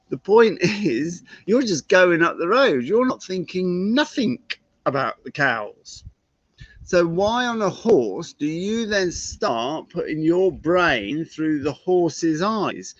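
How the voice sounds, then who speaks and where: A man's voice: a little high, a bit bright, no room sound, dull audio. A man teaching about horses in a chatty live-stream talk, often asking rhetorical questions. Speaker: horse trainer.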